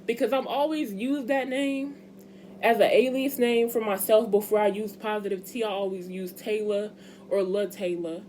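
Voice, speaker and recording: Young woman, casual vlog chat, animated and emphatic, slight background noise. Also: medium pitch, normal speed. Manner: chatty, emphatic, addresses viewers as y'all. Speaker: vlogger.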